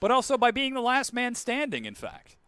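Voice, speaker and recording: A man giving excitable play-by-play esports commentary, building to hyped calls on big plays. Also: very high-pitched, brisk, clean tone, no echo. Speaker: esports caster.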